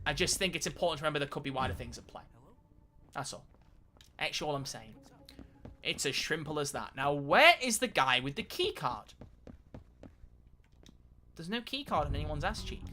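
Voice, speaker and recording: A man chatting casually on a live stream while playing a game, animated and quick to swear. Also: on the high side, soft background music.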